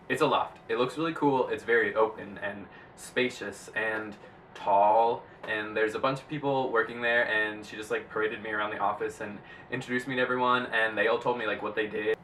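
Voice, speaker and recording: Young man, bright forceful voice, chatty rambling vlog, a bit far from the mic, faint hum behind. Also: mid-range voice. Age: young adult. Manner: chatty and rambling, lots of "like", excitable bursts. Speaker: vlogger. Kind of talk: casual vlog monologue.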